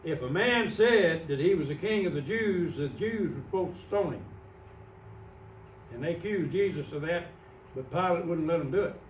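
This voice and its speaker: A male pastor with a slightly high voice gives an unhurried evening sermon of Bible teaching, slowly explaining words shown on a screen. He's recorded from a distance in the church sanctuary, so the sound is roomy, with slight background noise.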